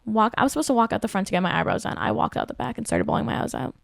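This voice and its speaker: Twenty-something woman ranting on her podcast, fry in her voice, dry room. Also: fairly high pitch, rapid-fire, no room sound. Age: 20s. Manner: venting, animated, heavy use of "like". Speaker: podcast host. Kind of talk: casual storytelling chat.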